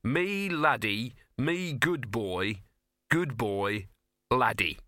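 A man's voice: mid-range voice, animated, extremely slow, bright, forceful tone, a little hiss or hum, exaggerated voice. A man voicing a scruffy, cynical male talking dog who sounds smug and sardonic, reading from a storybook.

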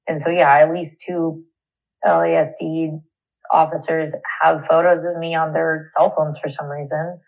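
A young woman giving a candid, indignant personal account in an interview, halting and restarting as she speaks. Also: low-pitched, level tone, gravelly, darkish tone, rough recording.

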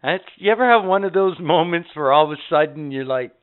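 A man's voice: fairly high pitch, expressive, fairly quick, smooth. A man telling rambling, profane stories as a podcast co-host in casual chat. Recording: tinny phone-like audio.

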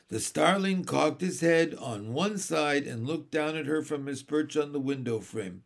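Male storybook narrator; slow, animated, bright lively pitch. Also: creaky. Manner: expressive and animated. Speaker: audiobook reader. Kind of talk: storybook reading.

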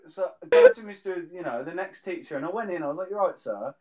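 A man's voice: sits high, sing-song, moderate pace, a crowd in the background. A young man telling school stories in casual chat, acting out the voices he quotes and swearing freely. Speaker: guest, childhood friend. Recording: dull lo-fi sound.

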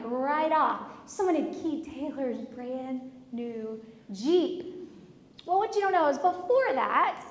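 A woman in her thirties giving a sermon built on personal stories, animated and acting out the back-and-forth of conversations. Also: high voice. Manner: animated storyteller, acts out quoted exchanges. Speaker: speaker at a church service. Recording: echoey hall.

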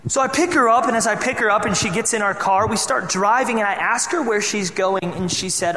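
Storytelling pastor in an echoey hall. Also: male voice, high-pitched, fast talker, few pauses, pushed and bright, a little hiss or hum. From Michigan. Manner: conversational storytelling, teasing the congregation. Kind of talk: sermon. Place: church hall.

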